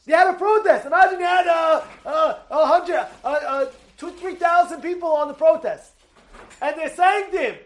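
A man giving an animated sermon as a rabbi, acting out shouts and quotes with many restarts. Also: very high-pitched, normal speed. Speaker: rabbi giving a weekly Torah talk.

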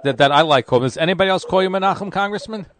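A man's voice: high voice, rapid-fire, a bit bright, no echo. A man hosting a radio interview, friendly and jokey, telling anecdotes to his guest. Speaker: radio show host.

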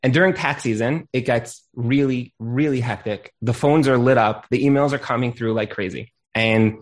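A man's voice: mid-range voice, normal speed. A man, a rabbi and accountant, giving relationship advice in casual conversation, telling stories and acting out quoted lines. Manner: animated storyteller, acts out quoted lines; Hebrew blessings dropped into talk.

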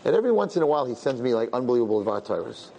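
A man teaching a religious lesson, telling personal stories in an animated, conversational way and acting out the dialogue. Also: mid-range voice, rapid-fire, vocal fry.

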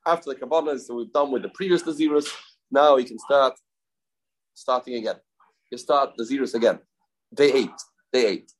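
A man's voice: mid-range voice, fairly quick, long pauses, rough recording. A man teaching a daily Talmud lesson, mixing English with Hebrew and Aramaic terms, often repeating phrases and asking himself questions.

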